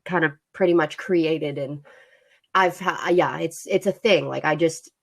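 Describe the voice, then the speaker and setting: A woman's voice: deep voice, a little slow, gravelly. A woman co-hosting a casual podcast, chatty and open, laughing often and using many fillers. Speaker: podcast co-host.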